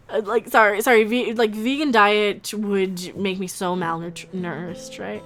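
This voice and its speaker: Woman, streamer, casual rambling chat, excitable, mid pitch, faint music bed. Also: normal speed, hardly any pauses. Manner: chatty, rambling, excitable with gasps and laughs. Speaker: livestream host reading chat.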